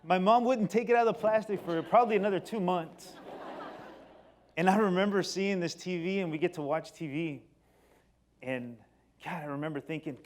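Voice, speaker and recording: A middle-aged man giving a personal storytelling talk on stage, animated, moving between loud excited bursts and quiet low passages. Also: brisk, a little hiss or hum. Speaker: company speaker. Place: stage before an audience.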